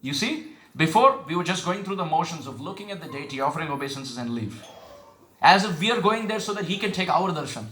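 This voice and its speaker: Male preacher with a high, bright voice; asks listeners questions, intones verses slowly; echoey hall. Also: lively intonation. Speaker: spiritual teacher. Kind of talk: devotional sermon with call and response.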